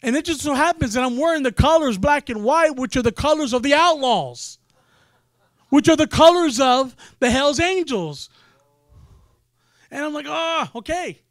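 A man preaching, telling a story in an animated way and acting out the people in it. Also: very high voice, normal speed, pauses often, dry recording, studio quality. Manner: animated storyteller, acts out quoted voices. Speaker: pastor. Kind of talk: sermon storytelling.

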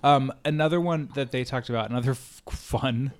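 A man's voice: mid-range voice, moderate pace. A man co-hosting a podcast in casual chat, joking and introducing clips. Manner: jokey, playful, introduces clips. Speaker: podcast co-host.

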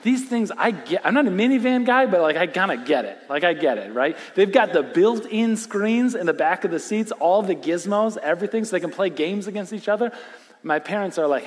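A middle-aged man preaching a sermon in a church, telling a family story with animated, self-deprecating humor. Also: high voice, brisk. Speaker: pastor. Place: church sanctuary. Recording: reverberant church hall.

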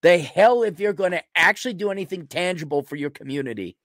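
A man's voice: high voice, expressive, fast talker, fairly bright tone, dry recording, studio quality. A male podcast host delivering a ranting commentary, sarcastic, profane and mocking.

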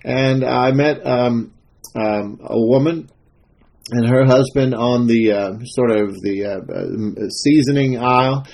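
A man gives a loose, conversational devotional talk. His voice is husky and slightly breathy. He wanders through his story with frequent fillers and restarts before settling into scripture. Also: medium pitch, takes it slowly, darkish tone. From Texas.

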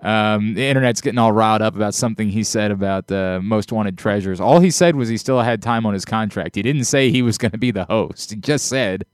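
Smooth-voiced exasperated male podcast host. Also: lowish voice, brisk, hardly any pauses, dry recording, clean studio sound. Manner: rambling, exasperated, restarts often. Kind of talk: casual chat.

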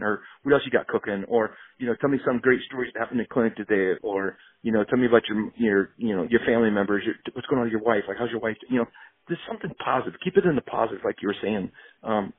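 A fast-talking man with a husky edge tells emphatic, energetic stories and acts out bits of dialogue. His voice comes through a thin, phone-like remote call line. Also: medium pitch. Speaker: guest, doctor and motivational speaker. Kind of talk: casual podcast interview.

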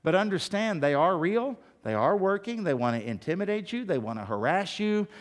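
Emphatic male preacher, somewhat high voice. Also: lively intonation, moderate pace. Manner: emphatic, rhetorical questions. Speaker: pastor. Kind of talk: sermon.

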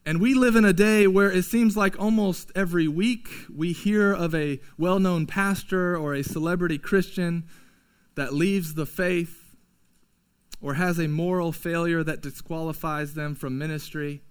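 A man's voice: a little high, steady tone, measured pace, smooth. A man preaching a sermon as a pastor, in a casual, conversational way with slangy asides.

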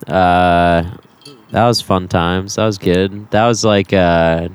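A man's voice: low-pitched, fairly even intonation, takes it slowly, clear, resonant tone. A young man co-hosting a podcast, talking in a laid-back way with casual slang. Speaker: podcast co-host.

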